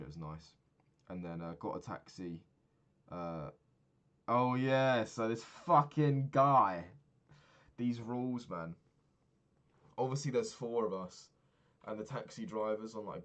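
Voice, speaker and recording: A man's voice: low-pitched, a little mellow. A man in his twenties recapping a trip in a rambling, sweary, casual monologue, often laughing at his own stories. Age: 20s. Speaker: vlogger.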